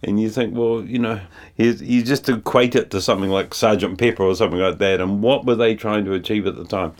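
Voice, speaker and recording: A man's voice: fairly low pitch, fairly even intonation, fairly quick. A man who composes music for ads, talking casually and rambling with many fillers and restarts. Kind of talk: casual conversation.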